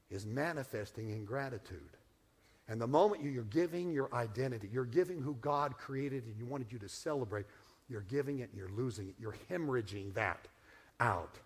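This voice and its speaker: A middle-aged man preaching a sermon in a folksy, humorous way, swinging from hushed asides to loud punchlines. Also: medium pitch, creaky. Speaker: pastor.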